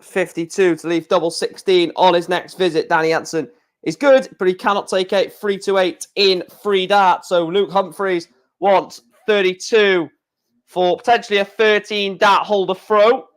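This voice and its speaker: A man's voice: high voice, steady tone, normal speed. A man hosting a live darts watchalong, calling out scores in short bursts between chatty asides. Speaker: stream host.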